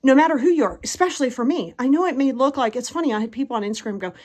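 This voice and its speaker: A woman in her fifties, sweaty after a workout, giving a casual motivational talk at home, animated and chatty, acting out the voices in her head. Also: sits high, rapid-fire. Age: 50s. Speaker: motivational podcast host. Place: at home in a bedroom.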